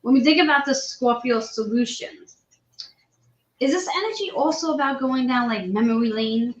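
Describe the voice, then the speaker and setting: A woman hosting a casual chat, telling a story with lively, acted-out quotes. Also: a little high, normal speed. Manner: animated storyteller, acts out quoted voices. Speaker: host. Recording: roomy, dull lo-fi sound.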